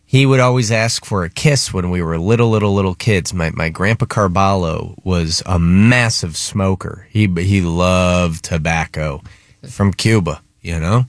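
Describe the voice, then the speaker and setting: A man's voice: low-pitched, a little slow, no echo, clean studio sound. A man hosting a hit-music radio show, telling stories in casual banter with frequent restarts. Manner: chatty storyteller with restarts.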